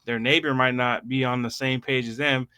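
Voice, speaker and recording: A man's voice: mid-range voice, steady tone, moderate pace, bright, forceful tone, clear, resonant tone, dry recording. A man talking as a podcast guest in casual chat, blunt and emphatic about speaking his mind. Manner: blunt, emphatic, uses "bro" and "me personally".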